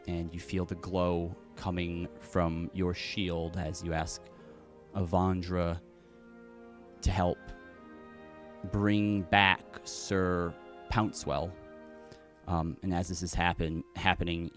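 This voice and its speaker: Low-voiced male game master. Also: slow pace, soft background music. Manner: relaxed, filler-heavy narration. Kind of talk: narrating a tabletop game.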